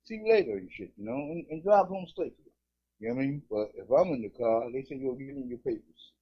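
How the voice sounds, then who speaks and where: A man, co-hosting a casual podcast, telling animated stories and acting out voices. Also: medium pitch, quick pace, slightly rough. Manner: animated storytelling, acts out cops, swears a lot. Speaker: co-host. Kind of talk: casual comedic podcast banter. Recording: dull lo-fi recording.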